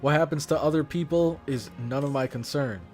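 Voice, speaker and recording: A proud pharaoh king speaks with cold, measured arrogance from a game's story, as a man puts him on while reading aloud. The voice sits lower and quieter than the reader's usual tone. Faint music plays underneath. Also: natural voice. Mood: haughty. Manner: haughty, cold, deliberate. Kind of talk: reading game dialogue aloud.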